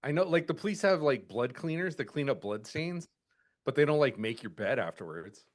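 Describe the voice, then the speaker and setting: A man's voice: mid-range voice, big pitch swings, normal speed. A man co-hosting a horror podcast, chiming in with short, swearing reactions. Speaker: podcast co-host. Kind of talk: casual movie chat.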